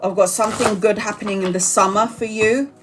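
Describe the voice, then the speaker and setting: A Brazilian tarot reader gives readings on a live stream against a noisy background, speaking fairly quickly in a mid-range voice with fairly even intonation. She talks earnestly and apologizes often, repeating herself as she reassures her viewers.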